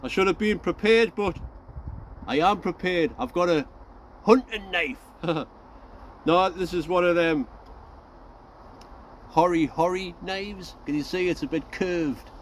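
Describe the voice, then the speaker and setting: A man with a high voice chats away outdoors on his allotment, rambling off topic and chuckling at himself as he talks to his viewers. Faint outdoor noise and the odd passing vehicle sit behind him. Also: unhurried, pauses often. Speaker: allotment gardening vlogger. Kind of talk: casual chat to camera.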